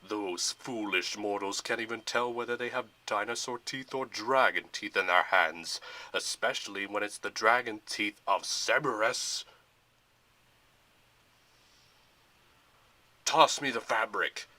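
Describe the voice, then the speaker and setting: A man's voice: fairly low pitch, moderate pace, bright, forceful tone. A man growling as a menacing villain general. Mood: scheming. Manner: growling, roars orders. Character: menacing tall male general, commanding and short-tempered. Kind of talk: storybook character voice in a Lego fan film.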